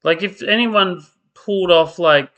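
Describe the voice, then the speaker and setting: Tired, ranting man with a bright voice. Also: high voice, unhurried, lo-fi sound. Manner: tired, exasperated, mocking impressions. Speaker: soap opera commentator. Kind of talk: casual ranting commentary.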